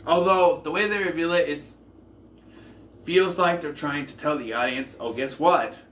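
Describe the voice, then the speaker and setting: A man hosts his channel's casual film review, rambling conversationally with many fillers and self-corrections. His fairly high, slightly bright voice moves at a moderate pace, recorded far from the mic in an echoey room with faint ambient noise.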